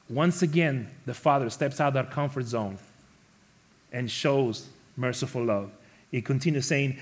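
A man preaching a sermon to his congregation, animated, acting out the quoted characters and rising to loud emphasis. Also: mid-range voice. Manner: speaks to the congregation as church family. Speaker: pastor.

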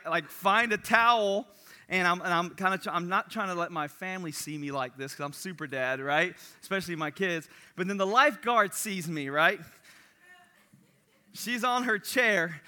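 A young male youth pastor with a high voice and a piercing, sharp-edged timbre, telling a funny story on himself at a church service. He jokes at his own expense and then settles into the sermon. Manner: animated storyteller, self-mocking and joking. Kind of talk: sermon opening with a humorous personal story.

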